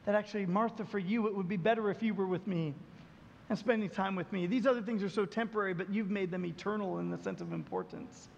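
A man voicing God as a calm male voice who gently corrects, speaking softly in a measured way. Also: sits high, vocal fry, big-room sound, highs cut off, slight background noise. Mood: gentle.

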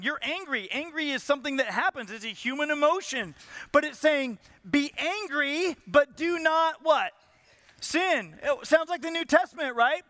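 A man's voice: extremely high pitch, sharp tone, no echo. A man preaching a sermon as a pastor, building intensity and asking the congregation rhetorical questions.

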